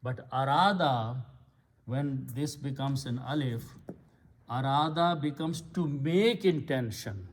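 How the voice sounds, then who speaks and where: Slow, patient man teaching Arabic grammar. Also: mid-range voice. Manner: patient, spells out roots and grammar step by step. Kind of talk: slow explanatory lecture.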